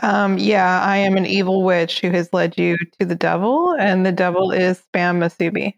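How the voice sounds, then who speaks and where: A woman's voice: fairly low pitch, moderate pace, creaky, dry recording, muffled recording. A woman chatting playfully on a podcast. She stumbles over her words a bit. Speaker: podcast guest. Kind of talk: casual chat.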